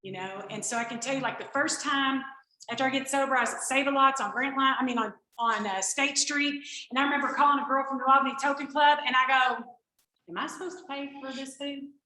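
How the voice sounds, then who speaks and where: A woman tells her personal recovery story to a group in an animated, storytelling way. Her voice sits a little high and rings bright and forceful. The recording is echoey, as in a meeting room. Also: fast, slight background noise. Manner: animated storytelling, acts out quoted exchanges. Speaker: recovery speaker. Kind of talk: personal testimony talk.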